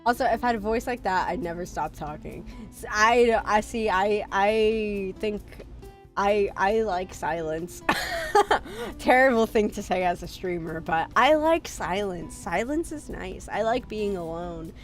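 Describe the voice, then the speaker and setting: A woman's voice: mid-range voice, animated, unhurried. A young adult woman streaming, chatting casually in a rambling way with lots of fillers and self-deprecating laughs. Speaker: VTuber streamer. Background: faint music.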